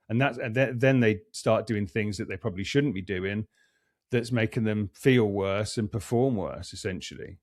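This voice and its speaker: A man's voice: lowish voice, moderate pace, dry recording, clean studio sound. A middle-aged man, a coach and performance psychologist, reflecting earnestly as a podcast guest and often restarting his sentences. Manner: earnest, restarts and repeats words while thinking. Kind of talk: reflective conversational explaining.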